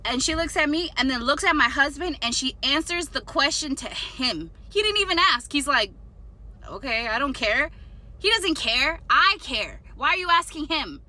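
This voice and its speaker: A young adult woman telling a storytime story in an animated, indignant way, swearing now and then. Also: sits high, moderate pace, hardly any pauses. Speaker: storytime vlogger. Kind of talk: casual storytelling.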